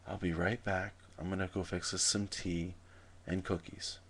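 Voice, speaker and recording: A man voicing a spry, hospitable ninety-five-year-old woman in a high, sweet old-lady voice. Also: level tone, moderate pace, a bit bright, a little hiss or hum. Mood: sweet, chipper.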